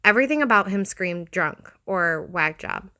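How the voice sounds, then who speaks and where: Bright-voiced woman narrating horror stories. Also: medium pitch, expressive, normal speed. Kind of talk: scripted horror story narration.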